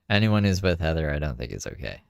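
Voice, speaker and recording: A man's voice: extremely low pitch, sing-song, moderate pace, gravelly, smooth, no echo, clean studio sound. A tired man streaming, commenting casually and wryly, swearing now and then. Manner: laid-back, swearing, wry.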